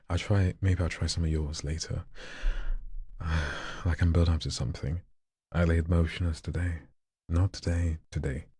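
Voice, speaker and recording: A man doing voice practice on a livestream, reading viewer scripts in a slow hushed delivery that slips into whispers, and chatting with viewers between reads. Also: low-pitched, slightly rough, no echo, clean studio sound. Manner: chats to viewers in between reads, quicker and louder. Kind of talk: live practice reading of viewer scripts, mixed with casual chat.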